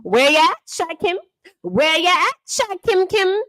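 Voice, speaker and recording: A man's voice: very high-pitched, sing-song, unhurried, sharp tone, no echo, clean studio sound, voice pushed up, full character voice. A woman voicing a cheerful, tipsy man who calls out in a teasing, sing-song way.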